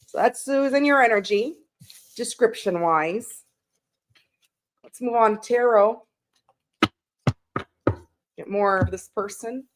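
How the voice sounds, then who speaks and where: A woman hosting a casual live-stream tarot reading, chatting and greeting viewers with pet names. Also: on the high side. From Canada.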